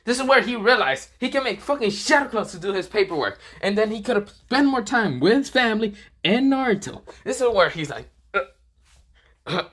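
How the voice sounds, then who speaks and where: A man narrating an improvised fan-fiction tale on the fly. He rambles with fillers and slips, his bright voice swinging widely in pitch. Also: sing-song, a little fast, few pauses. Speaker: storyteller.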